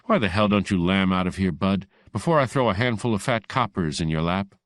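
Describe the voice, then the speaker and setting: A man's voice: deep voice, brisk, fairly bright tone, no room sound, studio quality. A man voicing a tough, wisecracking woman receptionist in an audiobook, sarcastic and mock-sweet. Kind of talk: audiobook character voice.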